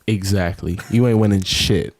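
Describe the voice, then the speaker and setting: A man's voice: fairly low pitch, fairly even intonation, normal speed, dry recording. A man co-hosting a casual podcast, trading jokey, swearing banter. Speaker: podcast co-host. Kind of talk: casual chat.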